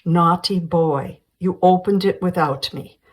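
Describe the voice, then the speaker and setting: A woman reading the lines of a playful, skeptical woman doctor in her forties, in a husky voice. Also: fairly low pitch, unhurried. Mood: teasing. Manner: teasing, skeptical.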